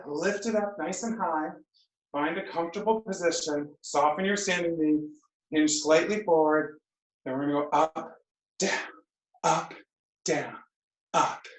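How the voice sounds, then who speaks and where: A woman teaching a live online exercise class, counting reps and giving brisk cues with playful asides, over a video call from a room at home. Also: deep voice. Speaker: fitness instructor. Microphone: computer mic on a video call. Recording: echoey room.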